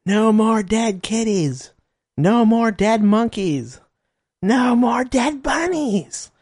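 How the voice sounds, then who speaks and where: A man mimicking shrill sing-song protesters. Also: wildly swooping pitch, drawn-out words, vocal fry, a little mellow, husky, no room sound, studio quality, exaggerated voice. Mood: shrill chanting. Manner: high sing-song chanting. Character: shrill chanting street protester crowd, mocking.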